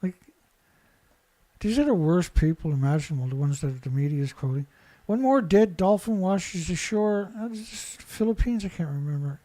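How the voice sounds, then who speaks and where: A man's voice: a little high, lively intonation, normal speed, warm tone. Profane sarcastic man ranting. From Canada. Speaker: environmental commentator. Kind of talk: ranting commentary over news clips.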